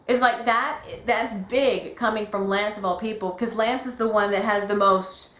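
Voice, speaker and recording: An excitable woman gushes through a casual fan chat. Her voice sits at a middling pitch and echoes around a roomy space. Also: normal speed, few pauses. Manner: excitable, gushing, often acts out quotes. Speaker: podcast co-host.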